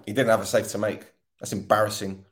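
A man's voice: fairly low pitch, level tone, fast. Casting: male podcast host, fed up after a loss, sarcastic, swears freely. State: tired. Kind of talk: casual post-match rant.

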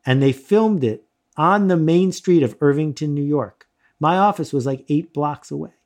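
Man, middle-aged, casual storyteller, lively and self-mocking, somewhat high-pitched. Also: normal speed. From United States. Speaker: guest telling an anecdote.

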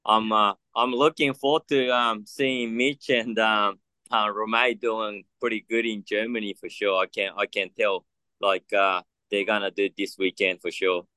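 Japanese guy w aussie accent, middle aged, low bright crisp voice, rambly, dry sound. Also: flat delivery, normal speed, no echo. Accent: Japanese with Australian accent. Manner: rambling, lots of fillers and "you know". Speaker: motocross test rider. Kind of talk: casual interview chat.

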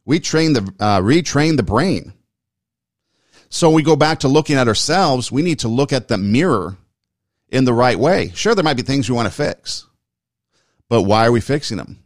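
A man's voice: medium pitch, animated, normal speed, no room sound, clean studio sound. A man hosting a talk show, giving casual spoken commentary that often repeats and rephrases itself. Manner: conversational, repeats and rephrases, emphatic. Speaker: host.

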